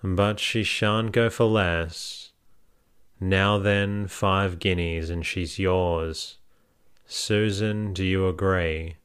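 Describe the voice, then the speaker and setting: A man voicing a blunt, bullying drunken hay trusser in a storybook reading, low and unhurried. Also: fairly even intonation, fairly bright tone, clean tone, exaggerated voice. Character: gruff drunken male hay trusser selling his wife.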